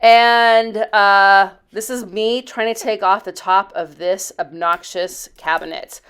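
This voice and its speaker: A woman in her fifties narrating her home project in a rambling, chatty way, drifting into stories and asides. Her voice is smooth and clear, sitting at an ordinary middle pitch. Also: fairly even intonation, takes it slowly, fairly bright tone. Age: 50s. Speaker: DIY channel host. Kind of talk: casual storytelling voice-over.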